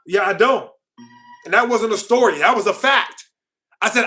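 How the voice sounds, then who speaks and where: Young male livestream host; high, bright voice; mocking, ranty casual chat. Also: animated, moderate pace, faint music behind.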